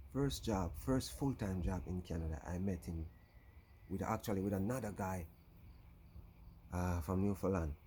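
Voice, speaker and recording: A Jamaican man tells a loose, rambling story for his vlog, sprinkling "you know" through every thought. His voice sits very low and sounds mellow and dark. Faint cricket and insect noise hums behind him outdoors. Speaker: YouTuber.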